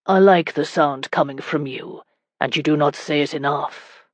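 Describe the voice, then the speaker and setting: Gruff, husky medieval lord, commanding and teasing, read by a woman narrator, low and dry. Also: moderate pace, no echo, muffled recording.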